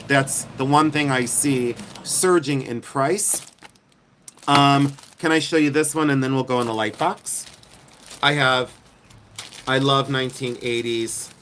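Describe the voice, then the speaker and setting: Outdoors at night, a middle-aged American man who resells jewelry hosts a casual livestream, joking with viewers in a self-deprecating way. His mid-range voice has a fairly bright tone, with slight background noise.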